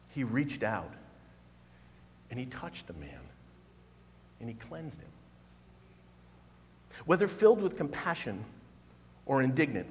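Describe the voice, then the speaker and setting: Male pastor, sermon delivery, slightly high voice, lively and emphatic, long church reverb. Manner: expressive, emphatic, acts out quoted voices.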